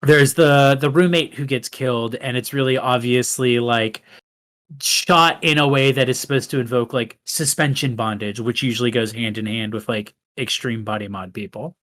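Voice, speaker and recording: A man's voice: medium pitch, steady tone, normal speed, fairly bright tone. Rambling man chatting about films. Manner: rambling, frequent fillers and restarts. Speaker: film podcast co-host. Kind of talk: casual film discussion.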